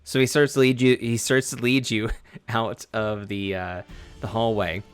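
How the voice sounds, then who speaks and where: A man's voice: on the low side, level tone, a little slow, smooth, soft background music. A man running a tabletop game as game master, narrating in a casual, loose way.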